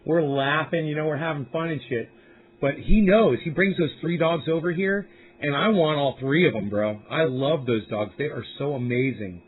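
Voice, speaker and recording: A laid-back man chatting on a livestream from home, his voice sitting a little high for a man. He rambles easily and swears freely. The sound is thin and tinny, like a phone line. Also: moderate pace, husky. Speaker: livestream host. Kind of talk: casual livestream chat.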